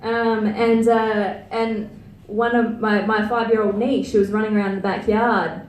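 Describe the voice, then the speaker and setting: A woman's voice: on the high side, level tone, a little slow, darkish tone, far from the mic, slight background noise. A young Australian woman performing a stand-up set, crude and self-mocking, chatty with lots of filler words. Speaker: stand-up comedian. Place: comedy venue stage. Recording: roomy live venue sound from afar.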